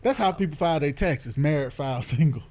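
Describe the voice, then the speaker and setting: A man co-hosting a casual show, joking and teasing in an animated way. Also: on the high side, fairly quick. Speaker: co-host. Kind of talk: casual comedic chat.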